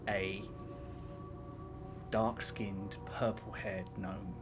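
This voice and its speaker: Brief: low-voiced male game master, very slow, loud music behind. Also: flat delivery. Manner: unhurried, descriptive, with many ums. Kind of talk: narrating a tabletop game over a call.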